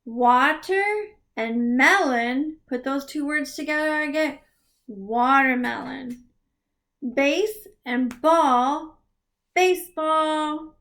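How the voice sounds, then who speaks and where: A woman teaching a video lesson to young children, clapping out words in a slow, exaggerated, sing-song way. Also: high voice, a bit bright. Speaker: preschool teacher.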